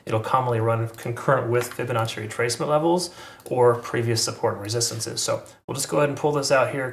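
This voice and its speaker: A man's voice: mid-range voice, echoey room. A man hosting a channel, casually talking through price charts with lots of fillers and self-corrections. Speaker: crypto channel host. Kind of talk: casual chart analysis commentary.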